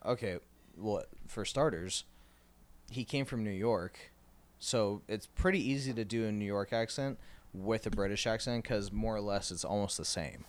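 A man's voice: lowish voice, normal speed. A young man co-hosting a podcast, chatting in a laid-back, agreeable way. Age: young adult. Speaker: podcast co-host. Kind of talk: casual chat.

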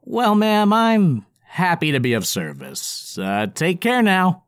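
A man voicing a scrappy little male goblin adventurer in a high, squeaky, excitable voice. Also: slow pace, clear, resonant tone, no echo, clean studio sound, full character voice. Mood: cocky.

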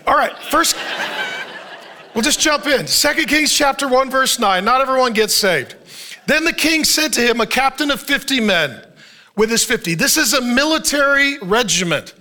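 A man's voice: very high voice, bright, forceful tone. A male pastor preaching a sermon, telling the story with jokes and frequent laughter.

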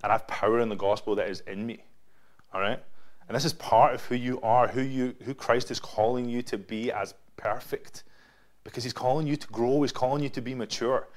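A man's voice: mid-range voice, fairly even intonation, moderate pace. A man with a Scottish accent preaching a casual, conversational sermon, often checking in with "right?" and "yeah?". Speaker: pastor. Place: church building.

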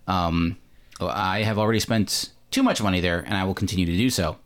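Low-voiced man rambling about movies. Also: brisk. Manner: rambling, many fillers and self-corrections. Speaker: podcast host. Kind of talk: casual movie discussion.

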